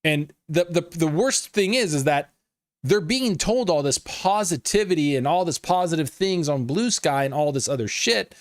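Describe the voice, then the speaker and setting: A man's voice: a little high, moderate pace, no room sound, studio quality. A man hosting a live gaming news stream, talking casually with lots of swearing and riffing with his chat. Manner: profane, animated, riffs and laughs at chat.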